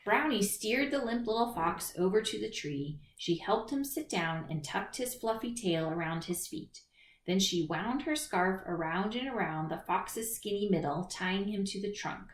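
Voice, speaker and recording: A woman reading a children's picture book aloud in an expressive storytelling manner, in a roomy recording. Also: medium pitch, normal speed, a little hiss or hum. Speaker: storybook reader. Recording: roomy echo.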